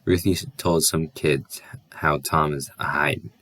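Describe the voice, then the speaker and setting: A man voicing a weary, firm rural mother in an audiobook, with a soft country drawl. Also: a bass voice, fairly even intonation, a little slow, dry recording, clean studio sound, heavily acted. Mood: firm, hushed.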